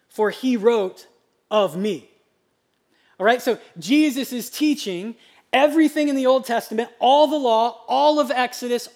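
A male pastor preaching a sermon in a conversational, lively way, with sudden loud outbursts. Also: sits high. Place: church sanctuary.

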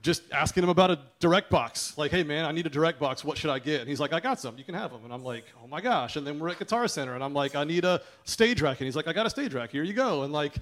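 Guy planting a church, fairly high voice, telling the congregation his story and doing everyone's lines. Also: fast, hardly any pauses. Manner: animated storytelling, acting out what others said. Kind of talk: testimony shared with a congregation. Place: church service.

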